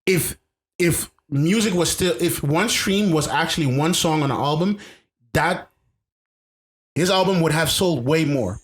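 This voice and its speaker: A man's voice: a little high, a little slow. Emphatic man co-hosting a podcast. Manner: emphatic, repeats himself, restarts mid-sentence. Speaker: podcast co-host. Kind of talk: casual chat.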